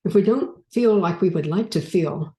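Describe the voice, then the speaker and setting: Lady guiding a group through a mind exercise, soft low-ish voice, echoey room. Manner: unhurried, gently coaxing, talks to the audience. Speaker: speaker leading a group exercise. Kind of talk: spiritual talk with guided exercise.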